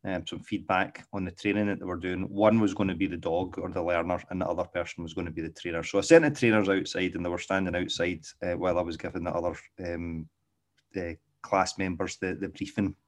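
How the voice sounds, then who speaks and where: A man's voice: sits low, steady tone, a little fast. A middle-aged Glaswegian man and dog trainer, talking in a casual, rambling monologue and often checking in with "okay?". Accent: Glaswegian Scottish. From Scotland.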